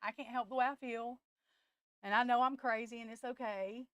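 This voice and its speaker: This lo-fi clip, free of room sound, captures a woman whose slightly high voice is steady, clear and resonant. She hosts a tarot livestream, tearful and impassioned, breaking off and restarting as she addresses viewers as "y'all," close to crying in an emotional chat.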